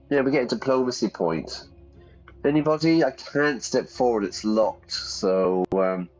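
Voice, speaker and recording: Low-voiced man reading a game aloud. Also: darkish tone. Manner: chatty, reads game text aloud, questions his viewers. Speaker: streamer and English teacher. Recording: slightly dull recording with faint music.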